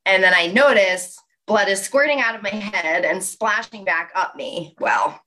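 A young woman giving a motivational talk, telling a personal story in an animated way with lots of "like". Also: medium pitch, a little slow. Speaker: speaker.

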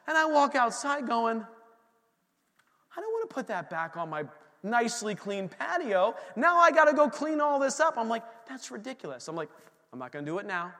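A man's voice: very high voice, big pitch swings, normal speed, bright, forceful tone, long reverb tail. A middle-aged man, a pastor, preaching a sermon and telling a story, acting out his own reactions.

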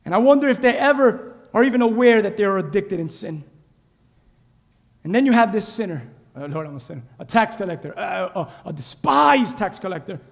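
A male pastor preaching an animated sermon, exhorting and calling out to his congregation. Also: sits high, normal speed, gravelly, big-room sound. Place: church sanctuary.

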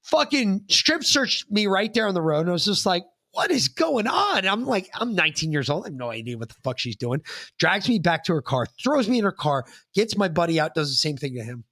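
Bright, animated middle-aged male storyteller. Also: a little high, a little fast, no room sound, clean studio sound. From New York State. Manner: animated and profane, acting out other people's lines. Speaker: podcast co-host. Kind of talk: casual podcast storytelling.

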